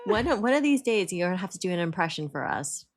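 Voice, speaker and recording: A woman's voice: fairly low pitch, fast talker, background noise. A woman co-hosting a podcast in casual chat, encouraging and telling stories expressively. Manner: warmly encouraging, expressive storyteller. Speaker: podcast co-host.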